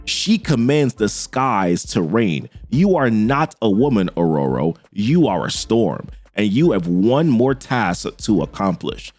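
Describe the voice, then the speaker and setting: A man voicing a solemn, ominous female cult matron who speaks in slow, grave pronouncements, lower than his usual voice. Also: big pitch swings, darkish tone, heavily acted.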